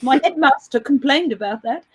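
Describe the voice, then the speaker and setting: A woman's voice: high-pitched, lively intonation, moderate pace, low-quality recording. A woman observing a trial who talks in long, rambling sentences full of restarts, speaking at an outdoor vigil. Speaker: trial observer giving an interview. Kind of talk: casual spoken commentary.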